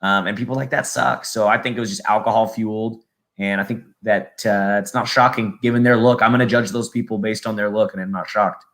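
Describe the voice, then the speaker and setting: A man's voice: lowish voice, steady tone, brisk, a bit bright. A man on a live podcast over a video call, rambling and often restarting his sentences. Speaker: podcast guest. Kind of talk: casual live podcast chat.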